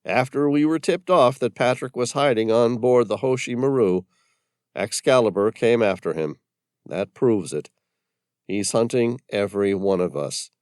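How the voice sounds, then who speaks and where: A man's voice: mid-range voice, measured pace, a little mellow, no echo, clean studio sound, voice pushed up, natural voice. A man voicing a tense scientist who speaks with urgent, grim conviction.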